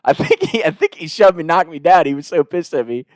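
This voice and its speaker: A man's voice: fairly high pitch, expressive, brisk, a little mellow, no room sound, clean studio sound. A man casually telling a comic story, rambling and profane, laughing between his lines.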